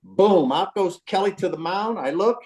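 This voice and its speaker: Animated older man telling a story. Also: sits high, moderate pace, slightly rough. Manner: animated, swearing, acts out quotes. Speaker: baseball trainer telling a story. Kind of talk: casual storytelling on a phone call. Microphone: phone call.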